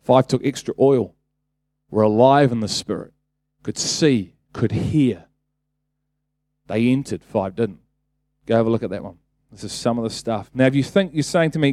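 A man's voice: mid-range voice, moderate pace, long pauses, dark tone, no room sound. A man preaching a casual sermon, talking conversationally, then building to emphatic bursts and asking the congregation rhetorical questions.

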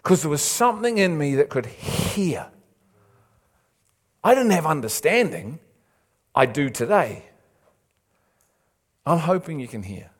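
A man's voice: fairly high pitch, sing-song, measured pace, pauses often, husky. A man preaching a sermon, urging and imploring his listeners with repeated phrases and casual asides. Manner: impassioned, urging, repetitive emphasis.

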